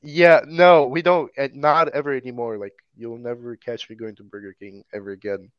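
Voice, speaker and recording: A man's voice: mid-range voice, steady tone, normal speed, no echo, lo-fi sound. A young man from Tajikistan, answering interview questions in a laid-back, rambling way with lots of fillers. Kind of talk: casual interview chat.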